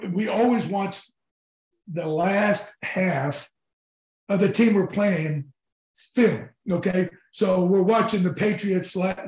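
A man in his sixties, a former football player telling stories in a casual interview, animated, swearing and acting out his teammates' lines. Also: high voice, echoey room, rough recording. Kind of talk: storytelling in casual conversation.

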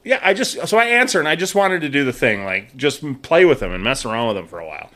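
A man's voice: mid-range voice, very animated, fast talker, fairly bright tone. A man in his thirties telling a funny story in casual chat, swearing freely and acting out the voices of the people in it. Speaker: podcast co-host telling a story.

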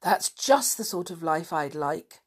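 A woman reading the lines of an excitable, bossy tomboy girl in a storybook, with loud, eager exclamations. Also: low voice, a little slow, breathy edge, heavily acted. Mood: excited.

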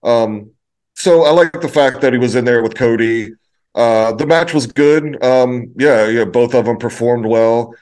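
A laid-back male podcast co-host who talks casually in a middle pitch. He hesitates and restarts often, searching for words and chuckling along the way. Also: a little mellow. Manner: halting, hesitant, full of restarts and laughs.

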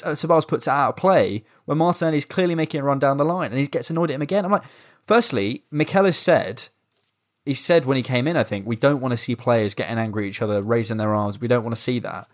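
Ranting sweary football podcaster. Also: male voice, mid-range voice, fast talker. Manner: animated, swearing, ranting, restarts. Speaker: podcast co-host. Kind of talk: casual football chat.

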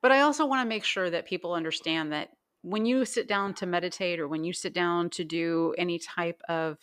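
A woman hypnotherapist, a guest, explaining things in a calm, instructive, guiding way. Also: lowish voice, brisk, clear, resonant tone. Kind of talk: casual conversation.

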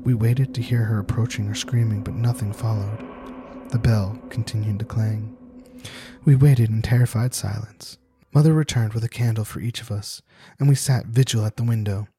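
A man reading a scripted horror story aloud in a measured, tense storytelling manner. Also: fairly low pitch, steady tone, warm tone, husky. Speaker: narrator. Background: music.

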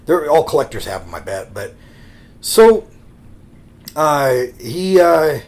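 With a slightly high, darkish voice and a slow pace, a podcast co-host animatedly recounts wrestling stories. His casual chat drifts through rambling anecdotes full of acted-out quotes.

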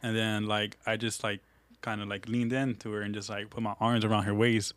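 A man's voice: on the low side, level tone, a little fast, fairly bright tone, dry recording. A young man, a podcast guest, telling a story in a laid-back, hesitant, slangy way. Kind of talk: casual storytelling.

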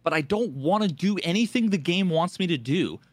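A man co-hosting a casual gaming podcast, telling stories in an animated way and swearing freely. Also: sits high, a little fast, dry recording. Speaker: podcast co-host.

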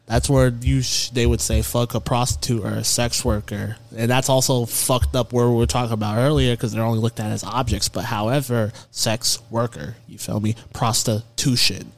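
Dude chatting on a podcast, slangy and loose, mid voice, lots of bro. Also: male voice, medium pitch, steady tone, normal speed, hardly any pauses. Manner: slangy, loose, frequent "bro" and "you feel me". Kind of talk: casual chat.

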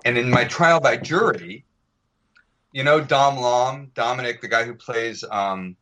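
Bright-voiced American actor telling stories. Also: male voice, medium pitch, measured pace. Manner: chatty storyteller, acts out voices and accents in anecdotes. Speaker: actor guest. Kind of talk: casual podcast interview. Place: podcast recording.

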